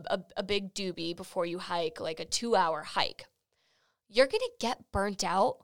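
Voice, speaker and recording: A woman's voice: mid-range voice, a bit bright, smooth, no room sound. A young woman hosting a podcast, chatting casually with giggles and swearing. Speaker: podcast host. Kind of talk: casual chat. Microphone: studio microphone.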